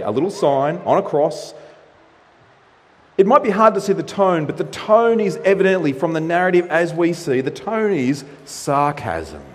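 Animated male preacher in a reverberant hall. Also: fairly high pitch. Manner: animated preaching with acted-out quotes. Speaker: pastor. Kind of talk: sermon.

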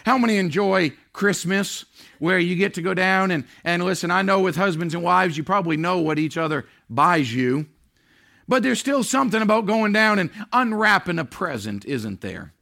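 High, gravelly preacher with sharp tone. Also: male voice, animated. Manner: swings between loud drawn-out emphasis and low near-whispered lines. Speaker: pastor. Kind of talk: sermon.

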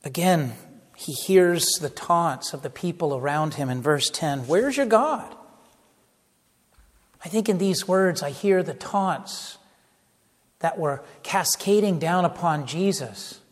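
A man with a high voice delivers an earnest sermon at an unhurried pace. He turns dramatic and hushed when he quotes the psalms. His words ring out with long reverb in a church hall. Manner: earnest, dramatic, drops to hushed tones in quotations. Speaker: preacher.

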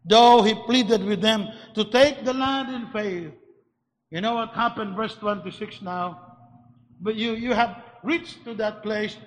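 A man preaching a sermon, rising from quiet talk into shouted emphasis and often restarting words as he builds his points. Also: sits high, unhurried. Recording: long hall reverb.

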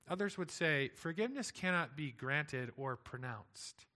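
Man, pastor, bright and forceful tone, slightly higher voice, earnest sermon delivery with rhetorical questions. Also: animated, unhurried, few pauses.

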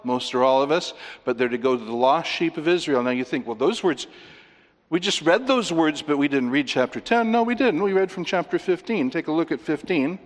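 Emphatic preacher in an echoing hall. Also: male voice, on the high side. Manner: emphatic, walks listeners through scripture references. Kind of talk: expository sermon. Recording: long reverb of a large hall.

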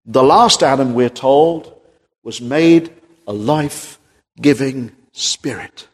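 Preacher in an echoing hall. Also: male voice, slow pace, breathy edge. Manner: impassioned, rising to high emphatic peaks then dropping low and quiet. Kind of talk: sermon. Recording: long reverb of a large hall.

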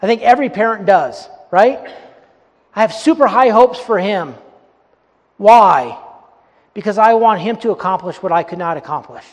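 A man in his forties preaching a sermon, asking rhetorical questions, repeating phrases and swinging from loud to soft. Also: high voice, animated, normal speed, pauses often. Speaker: pastor. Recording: long hall reverb.

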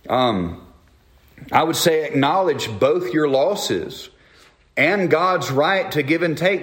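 A man's voice: mid-range voice, echoey room. A middle-aged man preaching a sermon in an earnest, conversational way, often restarting his phrases. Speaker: pastor.

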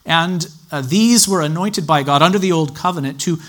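A man teaching a sermon in a measured, explanatory way, citing scripture references as he goes. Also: a little high. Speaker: Bible teacher.

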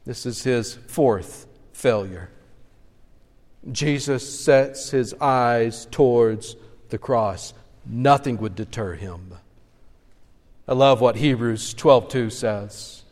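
A man's voice: medium pitch, slow pace, a little mellow. A man preaching a sermon as pastor, earnestly retelling scripture scenes in expository style. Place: church sanctuary. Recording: long church reverb.

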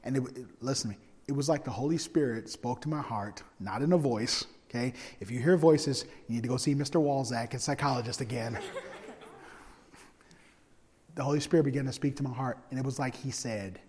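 Man, preacher, humorous storytelling sermon, loud-to-hushed swings, echoing hall. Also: medium pitch, a little fast. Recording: long hall reverb.

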